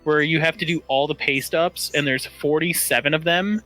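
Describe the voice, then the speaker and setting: A man's voice: fairly high pitch, moderate pace, soft background music, low-quality recording. A man co-hosting a gaming podcast, chatting casually and saying things like "I won't lie.". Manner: relaxed, says "bro" and "I won't lie". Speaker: podcast co-host. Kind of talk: casual chat.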